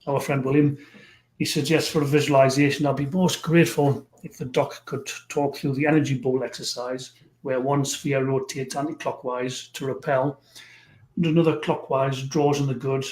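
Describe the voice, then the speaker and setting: A man hosting a live stream, chatting with a guest and reading out viewer comments in a halting, friendly way. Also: medium pitch, steady tone, darkish tone. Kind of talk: casual interview chat. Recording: roomy echo.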